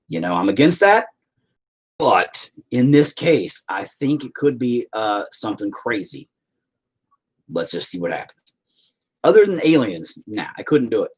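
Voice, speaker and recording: Husky, lively man rambling casually. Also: medium pitch, normal speed, poor audio. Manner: joking, profane, easily sidetracked. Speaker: video creator.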